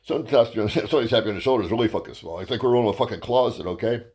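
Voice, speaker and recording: A man's voice: mid-range voice, racing, darkish tone, breathy edge. A man, a stand-up comedian, telling a crude, rambling story in a ranting style and tripping over his words. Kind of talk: profane comic storytelling monologue.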